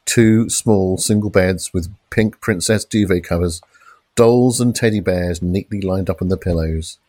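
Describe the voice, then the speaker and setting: Guy narrating a gritty crime thriller, lowish voice, dry close sound. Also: no echo. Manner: measured, dramatic crime reading with shouted police lines. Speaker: audiobook narrator. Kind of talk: scripted narration.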